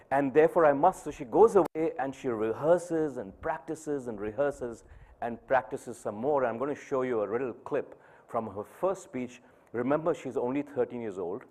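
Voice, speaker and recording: A man's voice: lowish voice, a little mellow. Man telling a moving story on stage. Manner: storytelling, acting out dialogue. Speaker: speaker. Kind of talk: inspirational talk. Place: conference hall stage.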